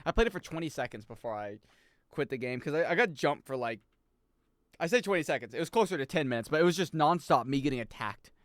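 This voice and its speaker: A man's voice: fairly high pitch, lively intonation, fast talker, no echo. A young adult man streaming a game in casual chat, rambling, swearing and laughing as he plays.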